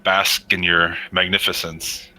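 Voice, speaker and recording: A man playing a courteous, flattering male elf adventurer, speaking formally and deferentially. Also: deep voice, measured pace, exaggerated voice, poor audio.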